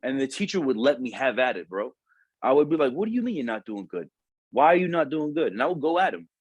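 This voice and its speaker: A young adult man who works as a Marine recruiter tells a story in a casual podcast chat, slangy and profane, acting out the voices of people he quotes. His medium-pitched voice has big pitch swings, a quick pace, and a breathy edge, recorded with no echo and the highs cut off.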